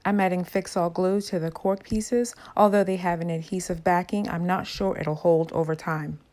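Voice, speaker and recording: A woman narrating a crafting tutorial, calmly explaining each step. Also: fairly low pitch, moderate pace, soft background music. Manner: calm, explaining steps.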